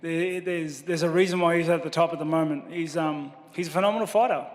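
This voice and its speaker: A man answering questions as a fighter at a press conference, modest and halting with many restarts. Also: a little high, fairly even intonation, big-room sound.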